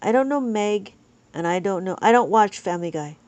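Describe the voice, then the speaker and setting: A woman's voice: medium pitch, animated, fairly quick, a little mellow. Chatty woman teaching abacus on stream. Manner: chatty, reads viewer comments aloud and answers them. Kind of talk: live stream chat with viewers.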